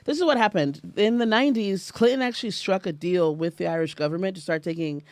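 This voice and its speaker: A woman guest on a comedy podcast, telling stories in a profane, animated way. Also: fairly low pitch, fast, dry recording. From United States. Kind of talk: casual podcast chat.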